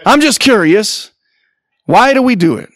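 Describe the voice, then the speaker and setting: A man's voice: sits high, expressive, a little slow, a bit bright, dry recording. A man preaching a sermon to a congregation in a conversational way, with sarcastic asides and acted-out quotes. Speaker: pastor.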